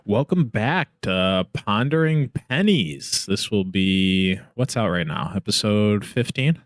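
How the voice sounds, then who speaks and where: A man with a slightly low voice hosts a casual podcast, ribbing his guests with jokes. His voice is close and dry, with no room sound around it. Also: expressive, slow, no echo. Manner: joking, teasing banter. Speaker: podcast host.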